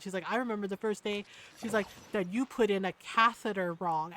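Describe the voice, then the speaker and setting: A woman's voice: medium pitch, brisk. A woman streamer chatting casually while gaming, retelling stories with lots of quoted back-and-forth and frequent tag questions. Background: faint background music.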